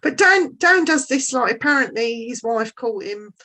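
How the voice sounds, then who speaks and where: A woman guest telling stories in a casual chat, chatty and quick to laugh. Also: a little high, lively intonation, bright, forceful tone.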